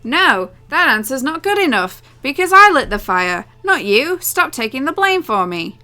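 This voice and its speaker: A woman voicing an angry young woman in a game who fires off loud, insistent questions. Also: high-pitched, big pitch swings, normal speed, pitched above the performer's own voice, full character voice. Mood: furious.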